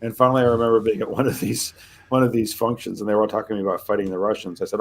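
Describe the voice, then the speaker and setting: A man with a very low, deep voice co-hosts a history podcast. He tells his anecdotes in an easygoing, conversational manner and takes his time building to the point. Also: rapid-fire, vocal fry. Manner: relaxed anecdotal storyteller. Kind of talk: casual conversational storytelling.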